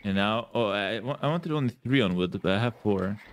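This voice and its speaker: A man's voice: fairly low pitch, expressive, moderate pace. A man giving casual, playful commentary while playing a strategy game, talking to his viewers and repeating words as he thinks. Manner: playful, chatty, addresses viewers as guys. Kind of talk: casual live gameplay commentary.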